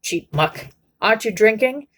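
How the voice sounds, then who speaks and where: A woman's voice: medium pitch, expressive, moderate pace, a bit bright. A woman voicing a greedy, sour old male shopkeeper who mutters and grumbles.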